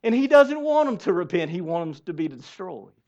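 Male preacher, high voice, animated sermon with audience questions, muffled lo-fi church recording. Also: fairly quick. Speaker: pastor.

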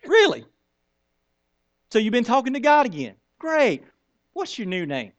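A man's voice: very high-pitched, big pitch swings, normal speed, dry recording, muffled recording, pitched above the performer's own voice. A man voicing a sarcastic adult wife who teases her husband, in a sermon retelling. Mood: teasing. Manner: mocking, sarcastic.

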